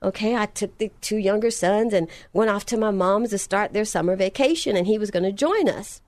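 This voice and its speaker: A woman's voice: mid-range voice, brisk, a little mellow, no room sound, clean studio sound. A middle-aged woman telling a personal testimony story in an earnest, emphatic way, repeating phrases for effect.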